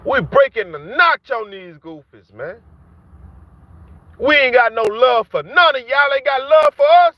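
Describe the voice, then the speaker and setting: A man with a very high voice and lively intonation rants at rappers to camera, speaking a little slowly. His heated, repetitive street talk taunts and mocks the people he calls out, and the lo-fi recording sounds dull and dry.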